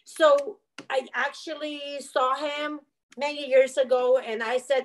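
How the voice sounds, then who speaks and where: A middle-aged woman with a high-pitched voice speaks as an interview guest. She tells a personal story in an earnest, emotional way and acts out what each person said with real animation. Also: fairly even intonation, measured pace, poor audio.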